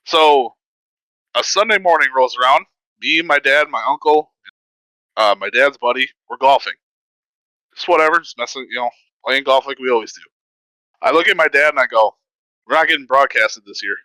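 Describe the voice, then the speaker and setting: A man's voice: mid-range voice, normal speed, long pauses, dry recording, rough recording. A man hosting a podcast, telling a story in casual chat and acting out the voices in it. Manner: animated, acts out quoted voices. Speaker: podcast host.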